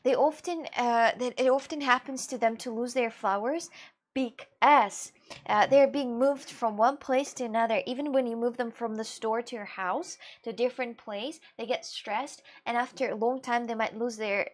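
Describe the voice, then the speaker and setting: Animated woman streamer chatting. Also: fairly high pitch, moderate pace. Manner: animated, ranting, laughs often, fillers like "you know". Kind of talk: casual live-stream chat.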